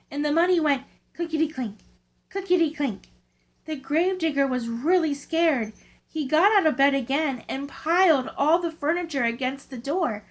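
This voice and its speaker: A woman reading scary stories aloud from a book in a slow, careful storytelling way. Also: sits high, poor audio. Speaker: channel host, story reader.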